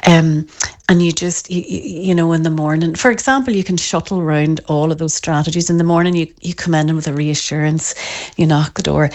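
A woman, a parenting expert giving an interview, who talks in an animated way and often acts out parents' voices. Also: sits low. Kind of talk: podcast interview.

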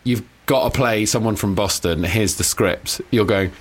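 A man co-hosting a casual comedy podcast, teasing and quick to laugh. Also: lowish voice, a little hiss or hum. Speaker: podcast co-host.

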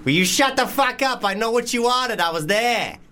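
A man's voice: very high voice, expressive, normal speed, bright, forceful tone, pitched above the performer's own voice, heavily acted. A man putting on a Boston accent to voice a brash young man snapping at his friend. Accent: Boston, imitated.

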